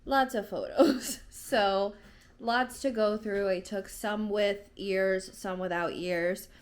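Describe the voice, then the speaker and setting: A woman's voice: medium pitch, fairly even intonation, slow pace. A woman in her late twenties, chatting casually in a home vlog, rambling and often correcting herself mid-sentence. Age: 20s. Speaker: vlogger.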